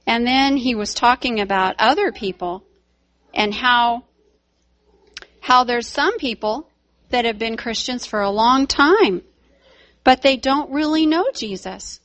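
Slow-spoken woman teaching children. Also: fairly high pitch, fairly bright tone. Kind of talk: storytelling to children.

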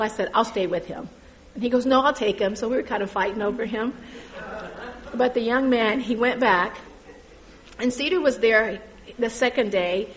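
A middle-aged woman giving an earnest personal testimony about volunteering at church, halting and full of fillers. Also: medium pitch, a little hiss or hum, poor audio.

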